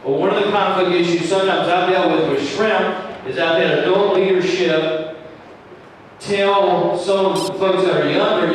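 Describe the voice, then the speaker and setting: A man's voice: fairly high pitch, fairly even intonation, moderate pace, a little hiss or hum. Man teaching from far off, echoey room. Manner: conversational, acts out quoted lines. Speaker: trainer. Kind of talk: training talk to volunteers. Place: church room.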